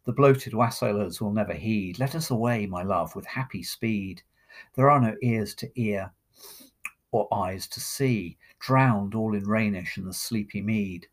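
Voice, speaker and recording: A man reading an ardent young lover. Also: lowish voice. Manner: slow, impassioned verse recitation.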